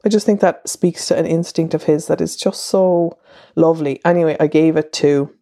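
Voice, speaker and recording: A woman's voice: sits low, normal speed, dark tone, no room sound, clean studio sound. An Irish woman in her thirties hosting a podcast, talking in a chatty, rambling monologue that wanders and restarts itself. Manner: chatty, wandering, self-interrupting. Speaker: podcast host and columnist.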